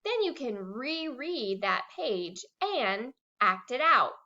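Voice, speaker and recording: Teacher, woman, high lively voice, slow and clear, dull lo-fi recording. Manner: animated, acts out words. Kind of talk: recorded reading lesson for young children.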